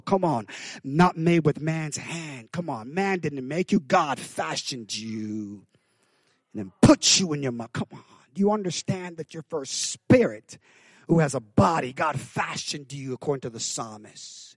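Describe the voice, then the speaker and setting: High-voiced preaching man, dry sound. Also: expressive, measured pace, breathy edge, no echo. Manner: preaching with call-outs and quoted voices; swings from hushed to loud. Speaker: pastor. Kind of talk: sermon.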